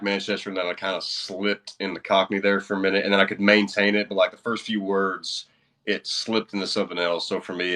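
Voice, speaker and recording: A man's voice: deep voice, bright, forceful tone. A man with a Southern American accent, a guest voice narrator chatting in a laid-back, modest way with many fillers. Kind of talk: livestream chat.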